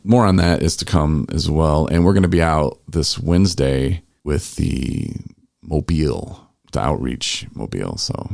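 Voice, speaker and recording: A man's voice: very deep voice, unhurried, gravelly, a little mellow, no room sound, clean studio sound. A man hosting a recovery podcast in easygoing, rambling casual chat, restarting his sentences often. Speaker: podcast host.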